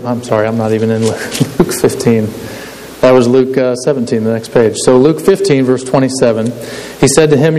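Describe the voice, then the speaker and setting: Speaking in a mid-range, dark voice with fairly even intonation and a moderate pace, a preacher delivers a conversational sermon. He keeps asking the congregation for agreement, and the recording carries a long hall reverb plus a faint hiss.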